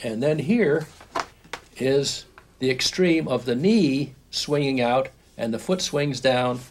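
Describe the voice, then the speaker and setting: An older man gives an animation lesson on an old home-video tape, and his voice sits at an ordinary middle pitch. He explains as he goes, often restarting his sentences. A faint hiss runs under the recording. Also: takes it slowly. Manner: explains while drawing, with frequent repeats and restarts. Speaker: animation instructor.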